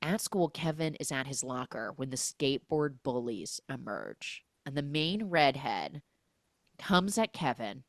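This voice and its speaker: Animated woman recapping a film. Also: a bass voice, unhurried, no echo, clean studio sound. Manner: animated storytelling, acting out characters. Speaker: podcast host.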